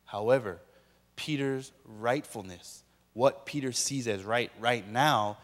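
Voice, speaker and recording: A man's voice: mid-range voice, takes it slowly, big-room sound. A man preaching a sermon as a pastor, emphatically questioning his listeners and repeating key points.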